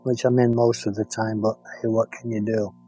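A man with an English accent co-hosting a music podcast, chatting playfully and halting on fillers. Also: fairly low pitch, level tone, warm tone, slight background noise. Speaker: podcast co-host. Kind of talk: casual chat about music.

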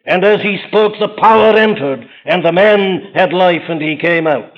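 A preacher delivers an impassioned sermon, his high voice swinging between fervent peaks and quiet intensity. The sound is dull and lo-fi, an old archival recording made in a large church. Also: moderate pace. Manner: impassioned, rising and falling emphasis.

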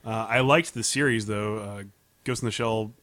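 A man's voice: fairly low pitch, fairly even intonation, moderate pace, fairly bright tone, no echo. A man co-hosting a casual podcast, telling stories and laughing often. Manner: chatty storyteller, laughs often. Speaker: podcast co-host. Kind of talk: casual chat.

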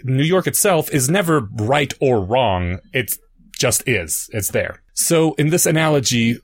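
Man patiently explaining ideas through analogies. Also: medium pitch. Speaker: podcast co-host. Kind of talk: casual explanatory podcast chat.

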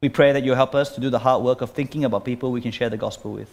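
A man preaching a sermon and leading a closing prayer, earnest, pausing and restarting his phrases. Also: mid-range voice, steady tone, darkish tone.

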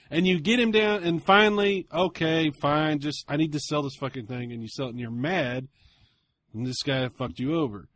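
A man's voice: a little high, brisk, no echo. A man co-hosting a podcast in casual chat, telling stories with lots of swearing and acted-out exchanges. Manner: profane, animated storytelling. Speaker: podcast co-host.

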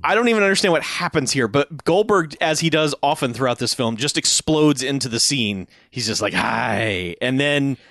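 A man's voice: on the high side, fairly quick, hardly any pauses, fairly bright tone, dry recording. A man co-hosting a podcast, recapping a movie in casual chat, sarcastic and laughing often. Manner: sarcastic, laughs often while recounting scenes. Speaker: podcast co-host.

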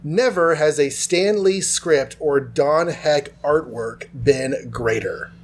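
Podcast host, male, higher voice, loose and chatty comic recap with quick character voices. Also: slight background noise. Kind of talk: casual comic book recap.

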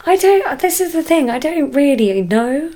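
A woman's voice: high voice, sing-song, unhurried, warm tone. A young woman with an English accent, talking casually as a guest about a hard time in her life. She laughs often and trails off mid-thought. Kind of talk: casual conversation.

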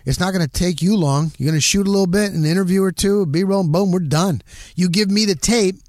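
A middle-aged man hosting a podcast, telling a story in a casual, animated way and punching it up with quick sound words. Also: high-pitched, no echo, studio quality. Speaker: podcast host.

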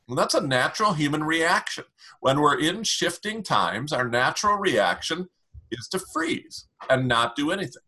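Bright, husky-voiced man coaching calmly. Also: on the high side, moderate pace. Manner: calm, emphatic, advisory. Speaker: communication expert. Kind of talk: coaching explanation in an interview.

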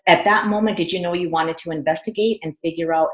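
A woman hosting a podcast interview, speaking in a measured, affirming way. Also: fairly low pitch, steady tone. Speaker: podcast host. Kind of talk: slow, reflective interview talk. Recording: echoey room.

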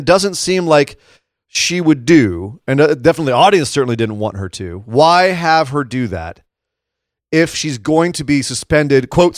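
A man's voice: fairly high pitch, no echo, clean studio sound. A man co-hosting a podcast, chatting casually and animatedly about wrestling and acting out lines in voices. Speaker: podcast co-host.

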